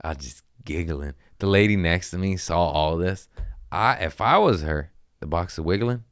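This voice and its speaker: A man's voice: deep voice, moderate pace, a bit bright, clean tone, no echo, studio quality. A man hosting a podcast as a comedian, telling stories in a loose, profane, casual way and laughing at his own jokes. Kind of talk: casual storytelling chat.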